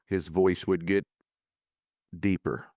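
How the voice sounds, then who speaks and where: Low-voiced energetic male podcast host. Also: takes it slowly, no room sound, clean studio sound. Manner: energetic, emphatic motivational delivery. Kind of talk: podcast interview and ad reads.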